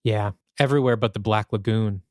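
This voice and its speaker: A sad twelve-year-old girl speaks quietly, close to tears, as a man reads her in nearly his own voice. The mic is dry and close. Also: lowish voice, brisk, no echo, close to an everyday voice. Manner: quiet, tearful. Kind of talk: podcast story reading.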